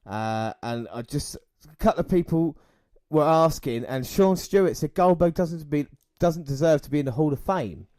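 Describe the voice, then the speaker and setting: A man's voice: a little high, lively intonation, normal speed, mellow, no room sound. Guy cohosting a wrestling podcast, chatty, reads out news, dry close mic. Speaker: podcast co-host. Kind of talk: casual chat and news reading.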